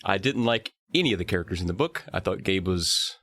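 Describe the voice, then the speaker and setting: Gravelly low man with a cough. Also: lively intonation, fast talker, a bit bright, no echo. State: recovering from a cough. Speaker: podcast co-host. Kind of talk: casual book review chat.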